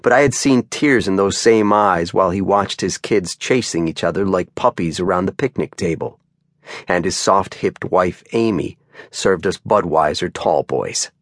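Low-voiced male audiobook narrator. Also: no room sound, clean studio sound. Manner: measured, even storytelling. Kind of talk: scripted first-person audiobook narration. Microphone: close studio mic.

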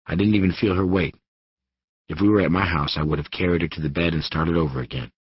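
A man reading an audiobook in steady first-person narration on a studio microphone. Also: deep voice, quick pace, breathy edge, no room sound, dull audio. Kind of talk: scripted narration.

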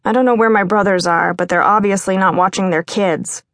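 A woman narrator voicing a lively grown woman from a busy Greek family, brisk and teasing, in an audiobook. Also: medium pitch, no echo, studio quality, natural voice. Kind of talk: audiobook character voice.

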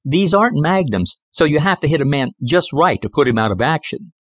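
A man voicing a cool, sharp-witted woman federal agent in an audiobook, speaking in a clipped, flat, businesslike way. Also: a little high, fairly quick, no echo. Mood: curt.

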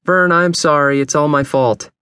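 A man's voice: a little high, steady tone, moderate pace, pushed and bright, clear, resonant tone, dry recording, clean studio sound, pitched above the performer's own voice. A man voicing an anxious, earnest teenage boy camper who calls out in urgent, hissing bursts. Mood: apologetic.

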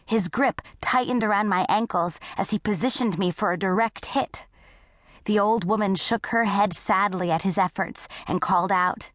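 A woman narrating a first-person audiobook story in a scripted, unhurried way. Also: medium pitch, no echo.

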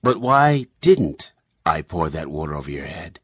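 A man voicing a calm, confident male brain surgeon who explains in a measured way. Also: very deep voice, husky, no room sound, studio quality, pitched below the performer's own voice, full character voice.

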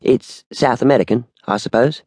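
A ragged beggar speaks with calm, unhurried courtesy and a quiet reverence. A man lifts his voice a little higher to play him. A husky edge stays in the dry, close sound. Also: dry recording, natural voice.

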